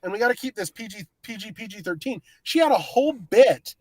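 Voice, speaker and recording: A man joining as a guest co-host, talking in an animated, emphatic way. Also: high-pitched, a little fast, a crowd in the background.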